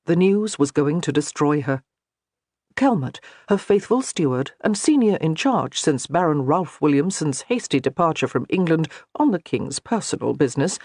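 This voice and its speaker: A man narrating a historical romance audiobook in an expressive storytelling manner. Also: a little high, no room sound, clean studio sound. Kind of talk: scripted narration.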